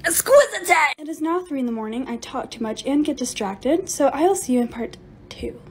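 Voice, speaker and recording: Bubbly high-voiced woman vlogger. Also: brisk, husky. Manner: bubbly, excitable, self-mocking. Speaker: lifestyle creator. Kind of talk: voice-over for short DIY and restock videos.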